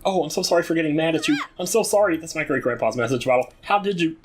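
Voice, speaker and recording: A man's voice: a little high, lively intonation, fast, a little hiss or hum, pitched above the performer's own voice, natural voice. A man voicing an anxious young farm girl, reading her game dialogue aloud in a raised, girlish voice. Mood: apologetic.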